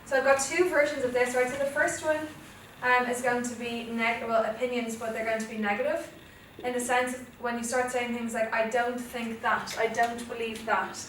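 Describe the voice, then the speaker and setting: A woman's voice: fairly high pitch, flat delivery, normal speed, hardly any pauses, fairly bright tone. A young Irish woman teaching a Spanish revision lesson, explaining step by step and often checking "okay?". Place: classroom. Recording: echoey classroom from far off, faint noise.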